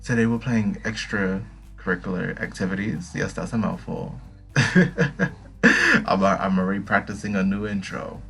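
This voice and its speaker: A man's voice: low voice, flat delivery, normal speed, vocal fry, fairly bright tone, soft background music. A man hosting a let's play, reading a visual novel aloud with giggly, joking reactions. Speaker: gaming channel host.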